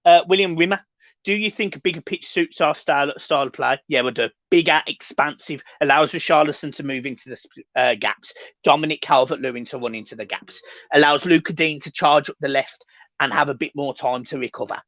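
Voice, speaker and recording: A young man hosts a fan livestream, reading chat comments with sweary, laddish humour. His voice sits fairly high. The sound is dry and a little muffled. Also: brisk, fairly bright tone, no room sound. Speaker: fan channel host reading live chat.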